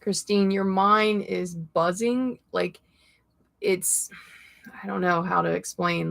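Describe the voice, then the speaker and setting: A woman's voice: fairly low pitch, slow, creaky, a bit bright, dry recording. A woman hosting a casual livestream as a tarot reader, chatting with viewers, greeting them by name and laughing often. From Florida.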